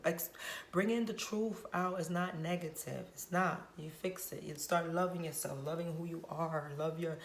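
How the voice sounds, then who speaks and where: A woman with a fairly low voice vlogs straight to camera, retelling a story from her work as a hairstylist. She talks in an emphatic, preachy way and drives her points home by repeating them. The recording carries a roomy echo. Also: fairly even intonation, normal speed, slight background noise. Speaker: hairstylist vlogger. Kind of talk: direct-to-camera storytelling vlog.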